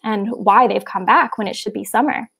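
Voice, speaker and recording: A woman's voice: mid-range voice, moderate pace, gravelly, a bit bright, slightly rough. A woman voicing worried villagers who anxiously ask one another questions.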